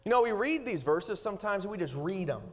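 A man preaching a sermon, swinging between loud, rising emphasis and hushed, slow passages. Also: high-pitched, sing-song. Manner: dynamic preaching, rising loud then dropping soft. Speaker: pastor.

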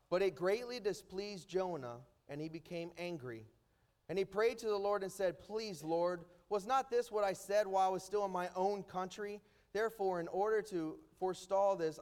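A man preaching a sermon, reading scripture aloud slowly and then explaining it with rising emphasis. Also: high-pitched, a little mellow.

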